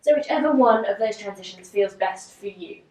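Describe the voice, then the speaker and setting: A woman teaching yoga, calmly talking through each pose step by step while demonstrating. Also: medium pitch, moderate pace. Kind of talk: instructional walkthrough. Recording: very echoey room, distant mic.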